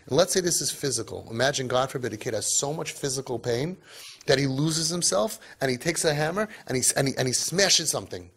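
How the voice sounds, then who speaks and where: A man lecturing parents, emphatic, tossing in asides and Yiddish and Hebrew words, his pitch and loudness swinging for emphasis. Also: husky. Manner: emphatic, with many asides of "right?" and "okay?". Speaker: parenting speaker.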